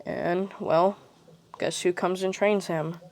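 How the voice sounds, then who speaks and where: A woman's voice: lowish voice, steady tone, takes it slowly, a little mellow. A woman casually retelling a fan what-if story, rambling with fillers and "like".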